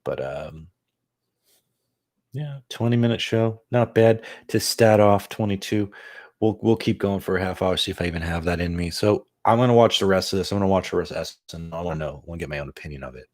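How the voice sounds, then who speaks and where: A low-voiced man talks into a desk mic at home, loose and rambling. He swears casually, laughs at himself and drifts off-topic. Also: a little fast, a little mellow. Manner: rambling, profane, self-deprecating. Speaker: podcast host. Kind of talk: casual stream-of-consciousness talk. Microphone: desk USB mic on boom arm.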